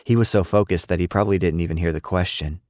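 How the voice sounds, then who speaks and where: A man narrating a scripted audio story in a steady, even manner. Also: low-pitched, fast talker, no room sound, clean studio sound.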